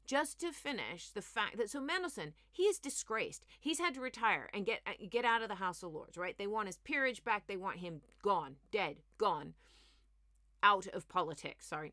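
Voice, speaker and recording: A woman rants through the week's politics with quick jokes, sarcasm and sudden mocking impressions. Her voice sits at a medium pitch and is recorded dry and close, with no room sound. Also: no echo. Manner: animated, mocking, slips into mimicking voices. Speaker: comedian and news show host. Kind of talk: comic news commentary with chat replies.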